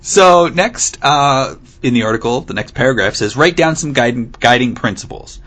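This podcast co-host, a man with an expressive, mid-range and slightly bright voice, reads a news article aloud at normal speed. The show is casual, and he often bursts out laughing, reading with amused, playful emphasis.

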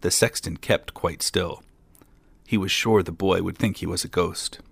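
Guy reading a fairy tale out loud, low gravelly voice, dry close sound. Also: steady tone, measured pace, no echo. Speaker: storyteller.

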